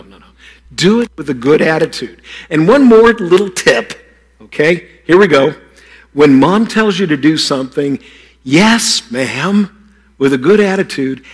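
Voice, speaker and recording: A pastor giving a playful children's sermon, teasing and talking straight to the kids. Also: male voice, on the high side, breathy edge.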